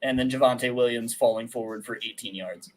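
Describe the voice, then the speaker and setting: A young man co-hosting a sports podcast, breaking down game film in excitable casual chat, with lots of "like" fillers and casual swearing. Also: mid-range voice, a little fast, slight background noise. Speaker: podcast co-host and film analyst.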